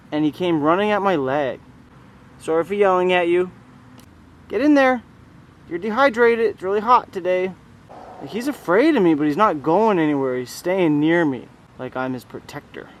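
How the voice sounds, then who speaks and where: A man's voice: high voice, lively intonation, moderate pace, slight background noise. A Canadian man vlogging outdoors in a backyard, hyped and swearing, coaxing a bird. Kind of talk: excited casual vlog.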